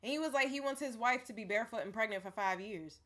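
Bright-voiced young woman, candid chat. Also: on the high side, fast. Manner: candid, animated, laughs often. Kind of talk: casual chat.

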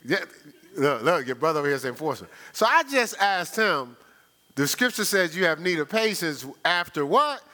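A man's voice: sits high, sing-song, moderate pace, pushed and bright. A male pastor preaching a sermon, playful and teasing with his congregation.

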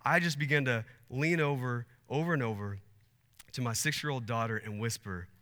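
A man's voice: medium pitch, moderate pace, fairly bright tone. A man in his thirties preaching a sermon as pastor, earnest and building to emphatic peaks. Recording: long hall reverb.

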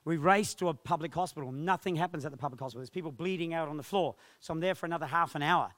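A male pastor telling a personal testimony in a sermon, animated and acting out the voices of others. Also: fairly high pitch, rapid-fire, no echo. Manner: animated storytelling, acts out quoted voices.

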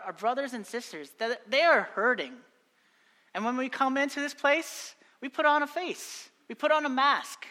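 A man's voice: very high-pitched, pushed and bright, long reverb tail. A young adult man preaching a sermon, earnest and exhorting, often repeating phrases for emphasis. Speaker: pastor.

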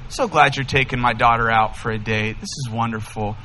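A man's voice: medium pitch, brisk, pushed and bright, slight background noise, pitched below the performer's own voice, natural voice. A pastor voicing his future father-in-law as a menacing, mock-friendly ex-sheriff during a sermon story.

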